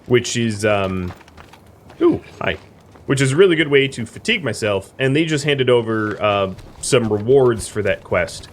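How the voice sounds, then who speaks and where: A man's voice: mid-range voice, expressive, normal speed, a little hiss or hum. A man streaming a video game, casually explaining the mechanics with lots of fillers. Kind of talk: casual gameplay commentary.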